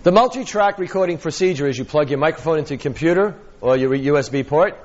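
A man teaching a workshop, an animated storyteller who acts out quotes and laughs often. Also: on the high side, fast talker, muffled recording. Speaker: hypnotherapy trainer.

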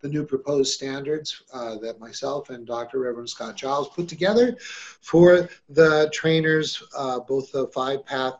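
A man's voice: mid-range voice, steady tone, a little slow, lo-fi sound. A man hosting a podcast on hypnosis, talking in an upbeat, chatty way with some fillers. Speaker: host and hypnosis trainer. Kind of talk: casual podcast chat.

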